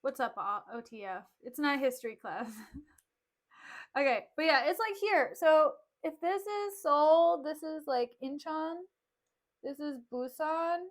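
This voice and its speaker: Chatty high-voiced woman streamer. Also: lively intonation, unhurried. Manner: chatty, lots of fillers, laughs often. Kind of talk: casual livestream chat and play recap. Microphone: desk mic.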